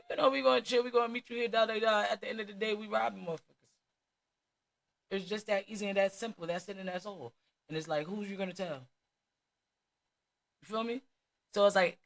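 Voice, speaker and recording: A woman's voice: medium pitch, fairly bright tone. A woman with a New Jersey accent telling her life story candidly, in blunt street slang with plenty of swearing.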